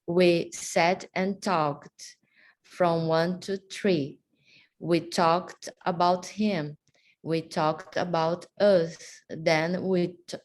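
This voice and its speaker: Woman learner, low-pitched, very slow careful reading. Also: a little mellow. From Brazil. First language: Portuguese. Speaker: student. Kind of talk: reading a practice text aloud.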